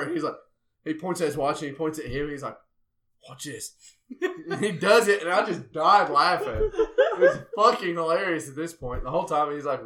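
Lively, profane young man telling stories. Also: a little high. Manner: profane, animated, quotes others in voices. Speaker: podcast guest, engaged groom. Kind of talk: casual storytelling chat.

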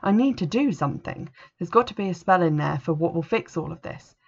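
Eager teen girl, read by a woman, coaxing and pushy, slightly gravelly, lo-fi. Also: lowish voice, lively intonation, a little fast. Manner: pleading, coaxing. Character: impatient, eager teen girl desperate for a fix. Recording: dull lo-fi recording.

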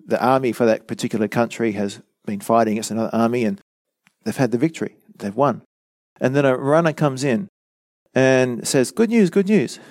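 A man's voice: medium pitch, fairly even intonation, brisk, darkish tone, no echo, studio quality. A man giving a teaching sermon, earnest and emphatic, who explains with rhetorical questions and repeated lines. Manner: rhetorical questions, acts out quoted voices. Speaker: preacher.

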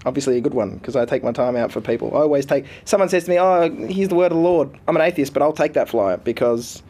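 A man's voice: medium pitch, quick pace, a little mellow. A man giving a comic, mock-philosophical account of what kind of guy he is. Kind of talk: comic self-description.

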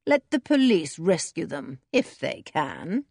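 A woman's voice: deep voice, big pitch swings, slow pace, creaky, darkish tone, husky, no echo, studio quality, full character voice. A woman voicing a menacing male villain who gives curt, threatening orders.

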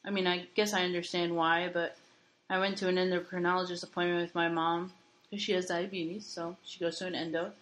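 A woman co-hosting a podcast, chatting casually and sarcastically, telling animated stories. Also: fairly low pitch, a little fast, low-quality recording. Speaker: podcast co-host. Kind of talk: casual chat.

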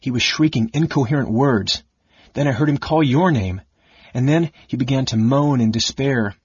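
A man's voice: medium pitch, moderate pace, breathy edge, dry recording, dull audio, pitched above the performer's own voice. A man voicing a frightened, exhausted young noblewoman cleric in a raised, pleading tone.

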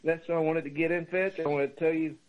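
A man's voice: fairly high pitch, steady tone, quick pace. A man calling in to a talk show, speaking in an emphatic, agreeing way over a phone line. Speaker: caller. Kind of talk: call-in conversation.

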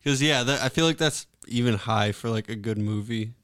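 A man in a casual podcast chat, easygoing and trailing off softly. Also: medium pitch, normal speed.

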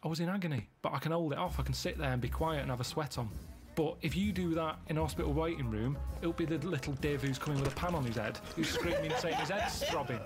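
A man telling rambling deadpan anecdotes in casual comedic chat. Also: fairly high pitch, fast, hardly any pauses, over music. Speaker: podcast regular.

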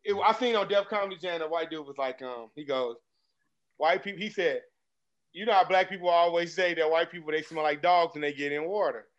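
A man's voice: fairly high pitch, fairly quick. A man in casual chat, telling stories and acting out comedians' bits with energy. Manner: animated storyteller, acts out comedians' bits. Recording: dull lo-fi sound.

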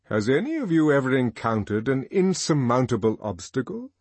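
A man's voice: mid-range voice, very animated, moderate pace, darkish tone, no room sound, voice pushed up. A man playing a lofty lecturing controller. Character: older man, commanding world controller.

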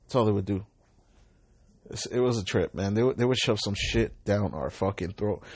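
A young man in his mid-twenties talks in a low, somewhat husky voice, the sound close and dry with no room around it. He rambles casually from one story to the next, leaning on slang and swearing. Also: normal speed, darkish tone, no echo. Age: 20s. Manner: slangy and profane, loose and rambling.

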